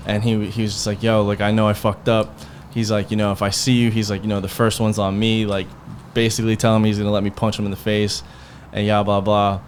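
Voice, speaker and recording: Speaking in a fairly low voice with a completely flat delivery, a podcast host moves quickly with few pauses. He rambles through a heated personal story, profane and full of quoted back-and-forth, with a slight hiss or hum present.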